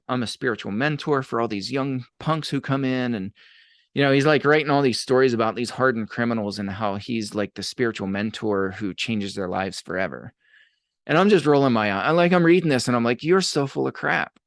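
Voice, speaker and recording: A man's voice: mid-range voice, no room sound, clean studio sound. A man, a podcast guest, telling stories in casual conversation and acting out the voices of people he quotes. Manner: animated, acts out quoted voices. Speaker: podcast guest, abuse advocate.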